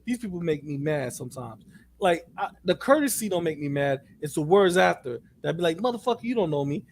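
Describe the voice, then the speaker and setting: A man in casual chat, animated and profane, acting out other people's lines as he talks. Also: on the high side, fairly quick, creaky, a little hiss or hum. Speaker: co-host.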